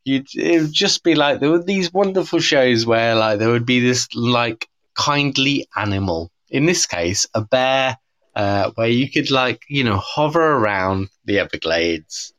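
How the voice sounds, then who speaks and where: A man's voice: mid-range voice, expressive, measured pace, fairly bright tone. British guy, late 30s, rambly chat, lots of ums, voice swings up and down. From Britain. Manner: rambling, lots of fillers and restarts, puts on silly voices. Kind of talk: casual chat.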